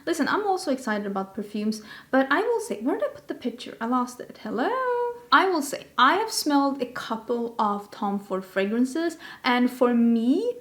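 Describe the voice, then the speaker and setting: A woman's voice: a little high, sing-song, normal speed, a bit bright. A woman hosting a casual beauty vlog, chatty and rambling, with self-deprecating asides. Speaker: beauty vlogger host. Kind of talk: casual chat.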